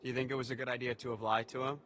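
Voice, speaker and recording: A man's voice: medium pitch, flat delivery, racing, fairly bright tone, a little hiss or hum, natural voice. An actor playing a young man camp counselor who is embarrassed and guarded in a game cutscene. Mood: uneasy.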